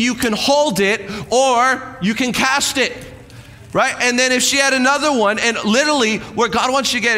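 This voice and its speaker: A man pastor preaching a sermon on stage, energetic and conversational, acting out a demonstration with helpers. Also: very high-pitched. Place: church stage with long reverb. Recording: reverberant church hall.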